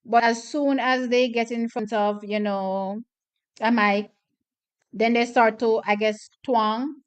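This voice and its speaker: A woman calls races and chats through a track meet watch party in a fairly high, smooth and clear voice. She is opinionated and chatty, circling back to hammer her points home. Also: steady tone, takes it slowly. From Jamaica. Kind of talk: casual live track commentary.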